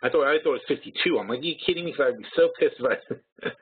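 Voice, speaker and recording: A man's voice: mid-range voice, animated, fast, breathy edge. A man hosting a live trading webinar, rambling and correcting himself as he works through figures aloud. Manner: rambling, self-correcting, thinks aloud while calculating. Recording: tinny phone-line webinar audio.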